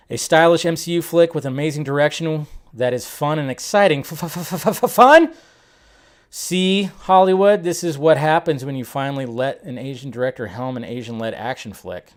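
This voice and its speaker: A young adult man hosting a casual film-news livestream, rambling and joking as he reacts to reviews. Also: mid-range voice. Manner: rambling, animated, jokey. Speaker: livestream host.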